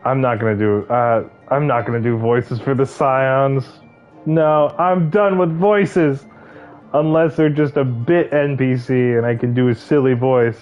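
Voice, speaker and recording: A man's voice: mid-range voice, steady tone, measured pace, highs cut off, soft background music. A man streaming a video game, reading its dialogue aloud and chatting casually with his viewers. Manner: reads game dialogue aloud and banters with chat.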